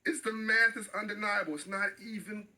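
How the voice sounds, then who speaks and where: A man's voice: high voice, fairly even intonation, fairly quick, pushed and bright, low-quality recording. A middle-aged man speaking as an interview guest, passionate and emphatic, often repeating phrases for stress.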